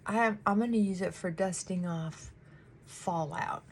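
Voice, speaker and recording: A woman therapist chatting casually while doing her makeup, animated and acting out her clients' voices. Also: medium pitch, a little slow, slight background noise.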